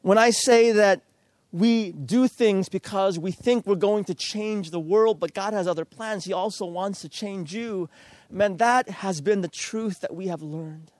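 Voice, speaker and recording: A man's voice: sits high, a little slow, darkish tone, no echo. A middle-aged man preaching a storytelling sermon, earnest and self-deprecating as he urges listeners on.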